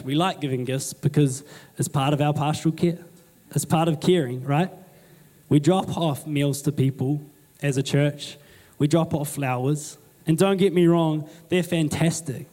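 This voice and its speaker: A man's voice: a little high, dark tone. A young man preaching a sermon in a conversational way, asking the congregation rhetorical questions and ending remarks with "eh?". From New Zealand. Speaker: pastor.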